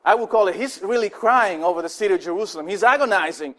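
A man's voice: high-pitched, fast talker. A man preaching a sermon in a conversational way, full of fillers and restarts, acting out the people he quotes. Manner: animated, acts out the people he quotes. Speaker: pastor.

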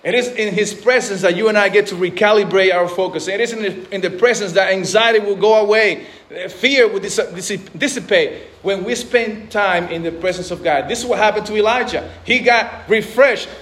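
High-voiced earnest male preacher. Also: moderate pace, hardly any pauses, fairly bright tone. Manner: earnest, repeats words and restarts, acts out voices in quotes. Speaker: pastor. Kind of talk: sermon.

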